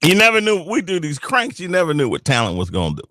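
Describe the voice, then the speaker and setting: High, lively man telling stories. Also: quick pace, no room sound, studio quality. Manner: animated, laughs while telling stories. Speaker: radio co-host. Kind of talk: casual radio chat, storytelling.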